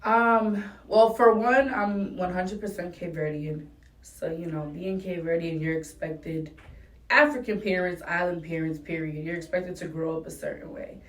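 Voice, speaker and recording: A woman's voice: on the low side, fairly even intonation, moderate pace. A young adult woman from New England with a New England accent, talking bluntly and profanely as a rapper in a casual interview. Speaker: rapper guest. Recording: roomy and distant mic.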